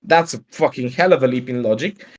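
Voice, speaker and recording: A man's voice: mid-range voice, fairly quick. A man, a guest on a livestream, ranting in a profane and sarcastic way in casual chat over a video call mic.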